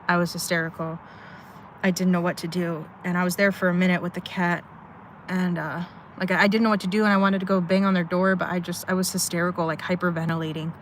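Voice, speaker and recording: A woman's voice: lowish voice, fairly bright tone, a little hiss or hum. A young woman telling a story to her live chat in a rambling, emotional way, swearing often, from a parked car at night. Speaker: livestreamer.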